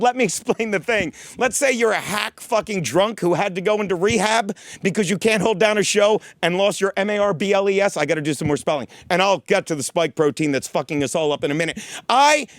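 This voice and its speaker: A man's voice: sits high, brisk, dry recording, studio quality. A middle-aged man hosting a podcast from his desk, tipsy on whiskey, ranting in a heated, rambling, profane way and spelling words out letter by letter. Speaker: podcast host. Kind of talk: profane comedic rant. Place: studio desk.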